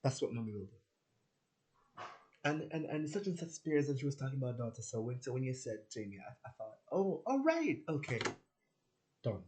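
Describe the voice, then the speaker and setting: A man's voice: mid-range voice, a little fast, darkish tone. A man talking in a casual, rambling monologue, swearing freely and acting out quoted conversations. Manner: rambling and profane, with frequent fillers and voiced quotes. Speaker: spiritual vlogger.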